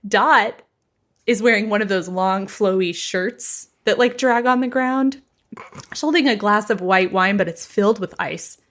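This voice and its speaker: A young adult woman hosting a podcast, telling a gossip story casually and quoting people in quick asides. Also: mid-range voice, a bit bright.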